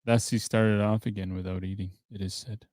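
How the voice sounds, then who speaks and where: A man hosting a podcast, reading a translated traditional story aloud in a plain, steady way, with dry offhand asides. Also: on the low side, brisk, dry recording. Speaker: podcast host.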